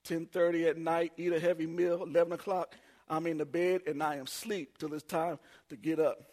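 A man in his forties preaching a sermon, telling funny personal stories and building up to shouts. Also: fairly high pitch, little pitch movement, a little fast. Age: 40s. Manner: humorous storytelling, builds to shouting. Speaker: pastor.

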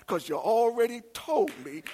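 A man preaching a sermon in a call-and-response style, rising to shouted refrains. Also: very high voice, big pitch swings, moderate pace, background noise.

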